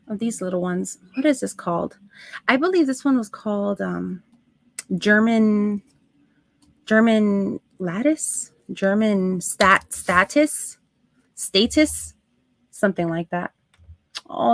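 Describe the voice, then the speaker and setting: A woman hosting a live crafting stream, chatting to her viewers as she works, with soft asides under her breath. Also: medium pitch, no echo. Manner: talks to chat viewers while working, soft asides. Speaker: craft livestream host.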